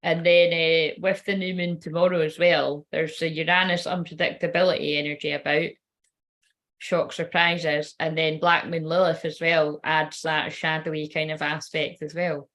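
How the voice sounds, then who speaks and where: A woman's voice: low voice, little pitch movement, normal speed, a bit bright. A woman reading oracle cards in a casual, rambling livestream chat, swearing now and then. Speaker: tarot card reader.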